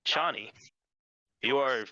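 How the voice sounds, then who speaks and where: Man narrating as game master, bright voice. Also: medium pitch, slow, dry recording, highs cut off.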